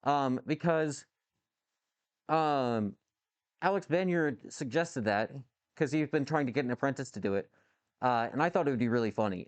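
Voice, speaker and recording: Man, live-stream chat, rambling, cusses, answers viewers, dry close mic, medium pitch. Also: no room sound. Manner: rambling, swears, reacts to chat messages. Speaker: livestreamer answering chat while machining. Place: home workshop with a lathe.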